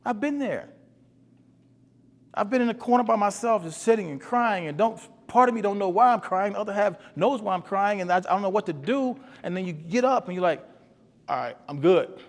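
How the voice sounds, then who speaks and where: A man's voice: high voice, a little fast. Earnest man speaking to boys in a hall. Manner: earnest, repeats himself, asks the audience questions. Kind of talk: motivational talk. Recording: long hall reverb.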